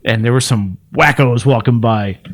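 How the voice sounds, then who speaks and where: A man co-hosting a podcast, telling rambling anecdotes in casual chat and mimicking relatives as he goes. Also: medium pitch. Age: adult, works for city sanitation. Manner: rambling anecdotes, fast, acts out relatives' voices. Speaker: podcast co-host.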